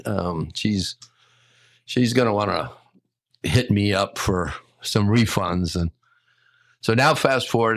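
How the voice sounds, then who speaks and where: An older man, a hotel general manager, telling a story in a lively way and acting out the quotes. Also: lowish voice, no room sound. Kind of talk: casual storytelling.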